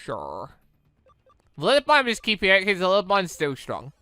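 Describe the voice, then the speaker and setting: Male let's-player, lively pitch, tense bright tone, cursing and grumbling at the screen. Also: moderate pace, no room sound. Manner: exasperated, swears often, talks to the game. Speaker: gaming YouTuber. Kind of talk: let's-play commentary.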